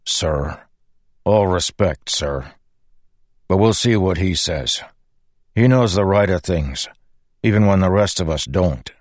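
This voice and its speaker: A man's voice: low-pitched, expressive, takes it slowly, pauses often, no echo. A man voicing a veteran male soldier who speaks plainly, bluntly and respectfully. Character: gruff veteran male soldier sergeant, loyal.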